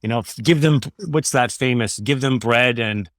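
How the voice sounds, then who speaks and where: A man's voice: medium pitch, normal speed, fairly bright tone, dry recording. Earnest rambling middle-aged man, dry mic. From Canada. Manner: earnest, rambling, says "man" and "you know" often. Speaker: radio host turned podcaster, guest. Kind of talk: candid interview conversation.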